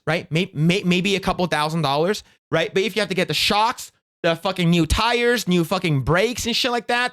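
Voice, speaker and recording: A man's voice: high voice, a bit bright. A young man streaming, giving casual reaction commentary in a profane, rambling way with many restarts.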